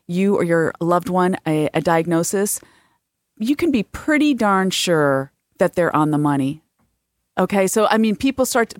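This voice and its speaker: A woman's voice: lowish voice, dry recording, clean studio sound. A woman therapist co-hosting a podcast, explaining at length with frequent restarts and examples. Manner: explanatory, restarts often, tells client stories. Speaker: therapist and co-host. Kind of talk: casual podcast chat.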